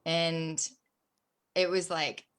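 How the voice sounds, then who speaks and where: Earnest, soft-spoken woman telling a story. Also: sits low, flat delivery, very slow. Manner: earnest, emotional, softens to near-whispers at hard moments. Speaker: podcast guest. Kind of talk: personal storytelling.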